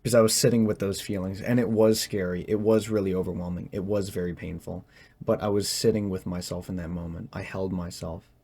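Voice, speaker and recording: Young man, fairly low voice, hesitant, halting, tense, confessional vlog monologue. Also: steady tone, warm tone, breathy edge. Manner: halting, hesitant, searching for words. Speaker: vlogger.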